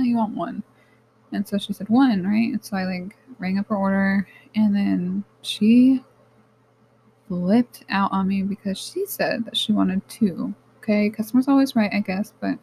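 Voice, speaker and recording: A woman talks straight to her listeners in a rambling, candid podcast monologue, swearing freely as she goes. Her voice is gravelly and mellow, and she sounds close to tears. Faint background noise sits under the recording. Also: mid-range voice, low-quality recording. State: near tears. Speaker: podcast host.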